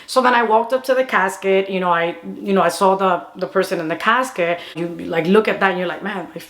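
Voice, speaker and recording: A young woman vlogger telling a funny personal story in a fast, animated way, slipping Spanish phrases into her English. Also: mid-range voice. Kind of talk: casual storytime.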